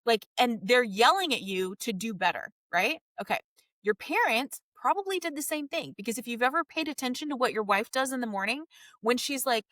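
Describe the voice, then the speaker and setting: Woman, thirties, marriage coach, emphatic, direct, slightly high voice. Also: animated, brisk, fairly bright tone, dry recording. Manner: emphatic, direct, addresses husbands. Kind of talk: podcast advice monologue.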